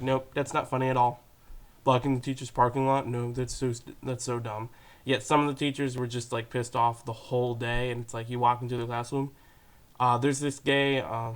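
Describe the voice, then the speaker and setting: A teenage boy rambling through a casual rant, packed with "like" and "um" and the odd swear word. His voice is smooth and clear, and his pitch stays fairly flat from phrase to phrase. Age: teens. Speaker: vlogger.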